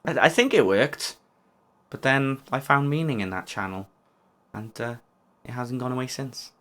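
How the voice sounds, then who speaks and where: A man's voice: medium pitch, expressive, moderate pace, fairly bright tone. A man making casual, self-mocking reaction commentary on his own old video. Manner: self-mocking, wry asides.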